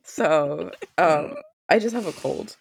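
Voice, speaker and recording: A young woman co-hosting a casual podcast, hoarse from a cold, swearing and joking freely. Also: low-pitched, lively intonation, slow pace, no room sound. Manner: profane, joking, laughs often. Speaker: podcast co-host.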